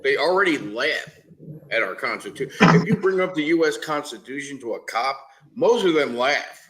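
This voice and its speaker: A man's voice: mid-range voice, animated, normal speed, a bit bright, slight background noise, poor audio. A man, talking in a casual chat, ranting and often stopping to restart his sentences. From New York, the Bronx.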